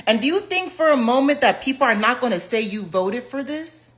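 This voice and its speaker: A woman's voice: fairly high pitch, expressive, normal speed, hardly any pauses, a bit bright. Angry ranting woman. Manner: angry, emphatic. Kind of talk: ranting social media video.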